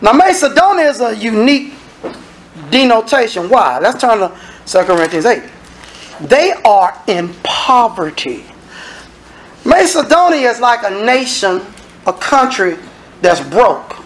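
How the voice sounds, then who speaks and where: A man preaching a sermon as minister, acting out dialogue and sometimes shouting. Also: very high-pitched, big pitch swings, a little slow, long pauses, slight background noise.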